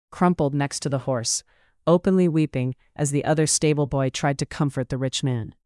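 Smooth, dry audiobook narrator. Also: mid-range voice, a little mellow, dry recording. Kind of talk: scripted period-novel narration.

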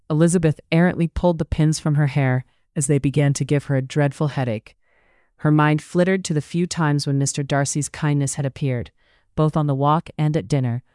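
Smooth, measured audiobook narrator. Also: mid-range voice, a little mellow, no room sound, studio quality. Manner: measured storytelling. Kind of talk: scripted narration.

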